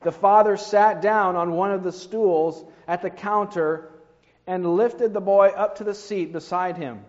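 A man's voice: high voice, fairly even intonation, unhurried, a little mellow. Man preaching in a reverberant hall. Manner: conversational, rhetorical asides. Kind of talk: sermon. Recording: dull reverberant hall recording.

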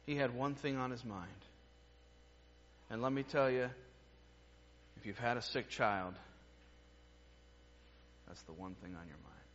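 Earnest preacher man, hushed to emphatic. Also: mid-range voice, measured pace, pauses often, lo-fi sound, slight background noise. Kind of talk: sermon.

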